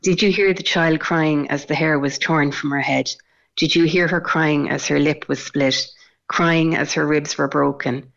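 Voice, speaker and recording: Woman reporter on air, gravelly, flat, ums a lot, dull lo-fi sound. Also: low-pitched, unhurried. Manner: steady recounting with frequent ums. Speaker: court reporter. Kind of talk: live radio report.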